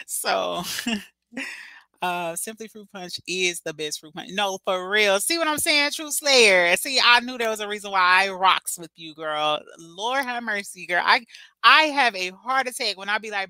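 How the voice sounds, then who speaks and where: A woman's voice: medium pitch, expressive, moderate pace, pushed and bright, no echo. A young woman hosting a casual livestream, talking to her chat in a chatty, dramatic way with lots of slang. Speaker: livestream host reading chat.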